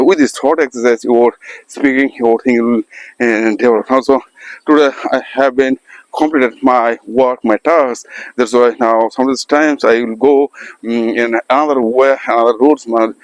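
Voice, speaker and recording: A man talking to viewers in an unscripted practice monologue, halting and searching for words, with many restarts and fillers. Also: mid-range voice, dry recording, rough recording. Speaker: English practice vlogger. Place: outdoors by a road.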